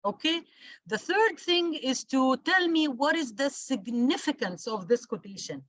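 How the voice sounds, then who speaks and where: A woman's voice: sits high, animated, a little slow, fairly bright tone, dry recording. A woman teacher giving a class lecture, stressing and repeating key words, with many fillers.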